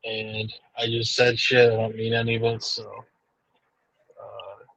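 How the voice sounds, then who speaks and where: A man talking earnestly and apologetically in a casual live stream chat, in a measured way. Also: on the low side, completely flat delivery, creaky, a bit bright, dry recording. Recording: dull lo-fi stream audio.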